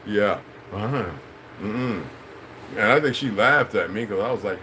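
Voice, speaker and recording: Middle-aged male vlogger with a sharp, bright voice. Rambling, cursing monologue over faint background hum. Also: lowish voice, expressive, normal speed, poor audio. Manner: rambling, profane, preachy. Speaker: channel host. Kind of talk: unscripted monologue.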